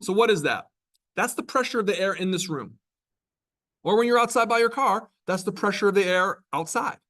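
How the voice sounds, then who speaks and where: A man's voice: high voice, lively intonation, brisk, a bit bright. A man from New York giving a college biology lecture in a classroom, talking in a chatty, conversational way and often checking in with "right?". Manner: conversational, chatty, with frequent tag questions.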